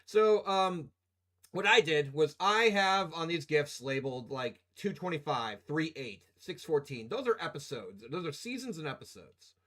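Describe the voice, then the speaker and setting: A young man streams himself editing video and talks casually to his chat. His voice sits a bit high and swings widely in pitch. He rambles, swears freely, jokes around and breaks into laughter often. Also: expressive, moderate pace, fairly bright tone.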